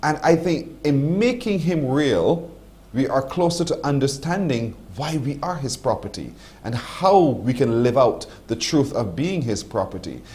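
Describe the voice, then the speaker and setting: A man hosting a morning TV interview, his speech rising and falling with a lively pitch range. He sums up his guest's points in reflective, almost preached phrases and frequently affirms what she says. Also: unhurried. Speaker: morning show host. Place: TV studio.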